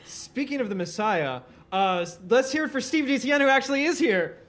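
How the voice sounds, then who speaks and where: A man's voice: very high-pitched, expressive, fairly quick, heavy background noise. A man hosting a live comedic podcast in a bar, often breaking into laughter. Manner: laughs often between remarks. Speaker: podcast host.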